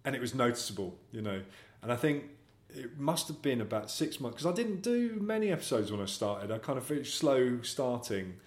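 A man's voice: mid-range voice, sing-song, brisk. A man speaking as an actor guest in a casual interview, telling rambling, self-deprecating anecdotes. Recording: echoey room.

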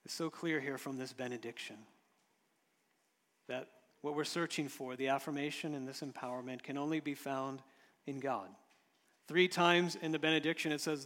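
A man preaching a sermon in a storytelling way, swinging from loud emphasis to hushed, quiet lines. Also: a little high, in a large hall. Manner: storytelling, rises and drops in loudness, occasional chuckles. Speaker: pastor.

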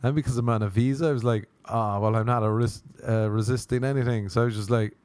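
A man's voice: medium pitch, steady tone, fast talker, darkish tone, no room sound. A young man telling a casual anecdote, rambling and swearing, often breaking into laughter. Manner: laughing, profane, rambling storyteller.

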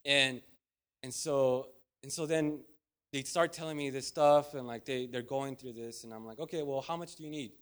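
A man's voice: medium pitch, clean tone. A man preaching in a conversational, storytelling way, full of restarts and asides. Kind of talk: storytelling sermon.

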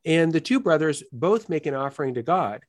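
Earnest, higher-voiced man explaining ideas. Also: a little fast. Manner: earnest, lively teaching tone with frequent "right?". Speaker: guest philosopher. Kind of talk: explanatory interview talk.

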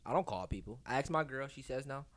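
A man talking fast in a casual group chat. His pitch moves a lot. He keeps cracking jokes and cutting in. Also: expressive. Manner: quick, joking, playful interjections.

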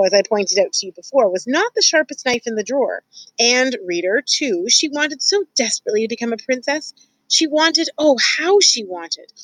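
A woman's voice: fairly high pitch, no room sound, poor audio. A woman teacher reading a novel aloud to students, confiding and addressing the listener directly. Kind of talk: expressive read-aloud storytelling.

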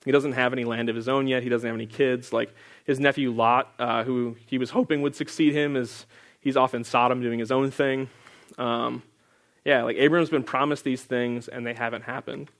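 A man's voice: medium pitch, gravelly, a bit bright. A young man leading a casual Bible study, reading scripture aloud and then explaining it in a loose, chatty way full of filler words. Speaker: Bible teacher.

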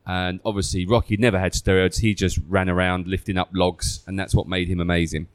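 A man's voice: sits low, little pitch movement, brisk, clear, resonant tone, no echo. A man hosting a podcast, chatting casually and telling stories in a rambling way. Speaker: podcast host. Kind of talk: casual chat.

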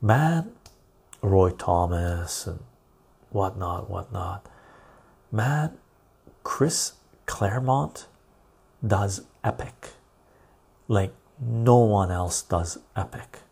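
Man, live stream host, husky dark voice, rambling chat. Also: low-pitched, steady tone, slow pace. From Canada. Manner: rambling, reads viewer comments aloud and answers them.

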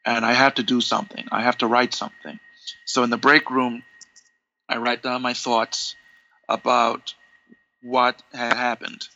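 A man, an interview guest telling animated stories and acting out the dialogue. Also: mid-range voice, measured pace, pauses often, muffled recording. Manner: animated, acts out quoted dialogue, many restarts. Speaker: interview guest, longtime fan. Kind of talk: conversational storytelling.

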